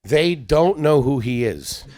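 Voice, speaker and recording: A man's voice: mid-range voice, lively intonation, takes it slowly, darkish tone. A man co-hosting a casual podcast, teasing his friends in a dry, laid-back way. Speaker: podcast co-host.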